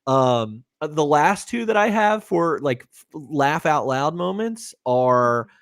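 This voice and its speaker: A man's voice: fairly high pitch, animated, slow, gravelly, a bit bright, dry recording. Man chatting about a movie, dry sound. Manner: rambling, with many fillers and restarts. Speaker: podcast co-host. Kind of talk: casual movie-review chat.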